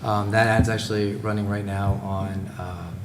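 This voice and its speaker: Guy presenting at a public meeting, lots of ums, flat low voice, roomy echo. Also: moderate pace. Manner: hesitant, many fillers and restarts. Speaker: presenter for a company's supplier outreach. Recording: echoey meeting room with background noise.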